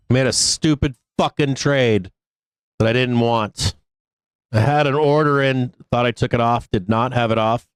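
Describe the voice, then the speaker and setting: A man hosting a live stock trading show, talking through his charts in an angry, profane, halting way with many fillers. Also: medium pitch, smooth, no echo.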